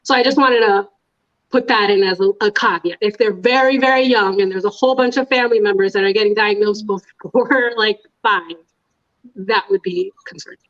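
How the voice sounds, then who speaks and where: A woman's voice: mid-range voice, normal speed, a bit bright. Woman doc explaining stuff, lots of likes and ums, muffled lo-fi sound. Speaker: physician. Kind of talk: explaining on a panel.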